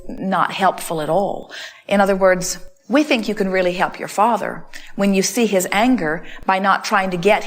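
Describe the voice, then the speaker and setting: A woman answering audience questions in a seminar talk, emphatic and fond of repeating set phrases. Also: medium pitch. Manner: emphatic, repeats phrases like "in other words" and "you see".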